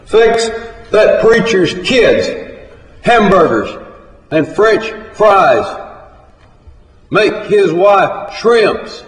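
A man voicing a loud, bossy woman who runs a cafe, shouting orders to the cook in an echoey hall from far off. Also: sing-song, very slow, pauses often, heavily acted. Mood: hollering. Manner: shouting orders, high and forceful.

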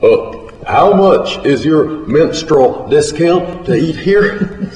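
A man's voice: on the high side, lively intonation, takes it slowly, darkish tone, a little hiss or hum, voice pushed up. Man doing a smug, stingy preacher. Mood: wheedling. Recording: echoey hall, from far off.

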